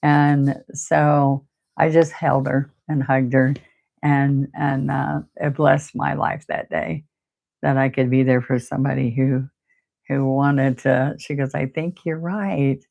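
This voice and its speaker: An older woman, hosting a live painting stream. She talks softly and close to tears, often repeating words as she chats to viewers. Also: extremely low pitch, flat delivery, slow, vocal fry. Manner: soft-spoken, tearful, repeats words. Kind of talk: casual heartfelt chat to live viewers.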